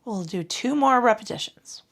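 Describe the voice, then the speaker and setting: A woman leading a mat pilates class, calmly cueing breaths and movements with chatty asides. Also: fairly high pitch, moderate pace, gravelly. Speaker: pilates instructor. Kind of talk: guided exercise instruction.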